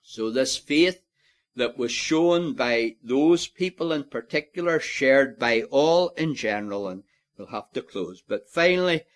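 A man preaching a sermon in a slow, earnest way, rising to emphatic, louder peaks on key phrases. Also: mid-range voice.

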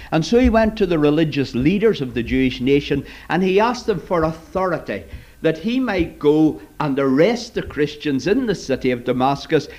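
A man's voice: a little high, a little mellow. A man preaching to children, retelling a Bible story in a storytelling manner and addressing them directly. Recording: dull lo-fi recording.

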